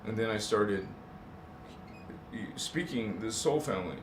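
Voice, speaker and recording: A man's voice: lowish voice, lively intonation, a little slow. A man hosting a casual spiritual live stream, rambling and emphatic, correcting himself as he goes and chuckling between thoughts. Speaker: livestream host. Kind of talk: casual spiritual livestream talk. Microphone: desk microphone. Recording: echoey room, faint hiss.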